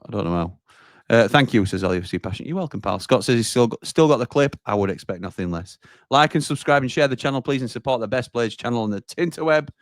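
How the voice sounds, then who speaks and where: A man's voice: medium pitch, expressive, fast, dry recording, studio quality. A man hosting a casual live football watchalong and reading out viewer comments in a chatty, easygoing way. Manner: chatty, laughs easily, reads out viewer comments. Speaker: host of a football watchalong stream.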